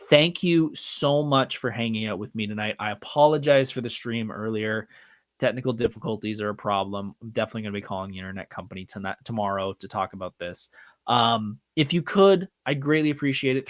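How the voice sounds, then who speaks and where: A man in his thirties hosts a live-streamed podcast in a dry, close-sounding recording. He tells stories sincerely and acts out the back-and-forth of conversations in his own voice. His pitch sits at an ordinary middle level. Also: fairly quick, dry recording. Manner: earnest, retells with quoted dialogue. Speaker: podcast host. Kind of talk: live-streamed storytelling monologue. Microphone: desk microphone, live stream.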